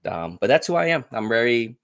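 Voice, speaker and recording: A man's voice: mid-range voice, sing-song, brisk, a bit bright. A middle-aged man with a thick New York accent from the Bronx, talking bluntly and plainly as a guest on a casual show. He laughs easily between his short, straightforward sentences. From the Bronx, New York City. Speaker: guest streamer. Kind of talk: casual interview chat.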